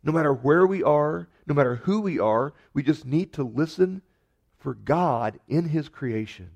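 A man preaching a sermon earnestly, rising to emphatic peaks and dropping to soft, quiet lines. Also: a little high, animated, a little slow, creaky. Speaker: pastor.

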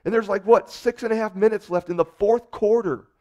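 A male pastor preaching a sermon in a conversational, animated storytelling way, acting out the people in his stories. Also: sits high, brisk, muffled recording.

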